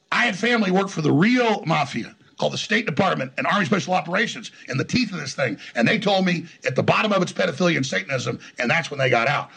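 A middle-aged man talks through a heated interview, his voice thick with gravel and rough, breathy husk. He speaks in a slightly high register for a man and piles up restarts and repeated words as he pushes his point. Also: lively intonation, bright, forceful tone. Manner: rapid, combative, rambling with frequent restarts. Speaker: interview guest. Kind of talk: heated conversational storytelling.

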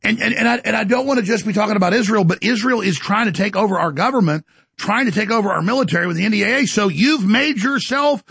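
Delivering a boastful political rant on his talk show, this male commentary host speaks in a high, widely swinging voice that's very gravelly and husky, sharp and forceful. Mocking voices creep in along the way, at a quick pace with no echo.

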